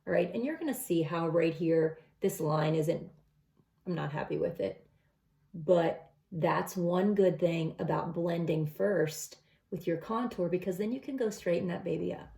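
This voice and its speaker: A woman's voice: on the low side, unhurried, gravelly, mellow. A middle-aged woman talking through a makeup tutorial step by step in a casual, chatty way. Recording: echoey room.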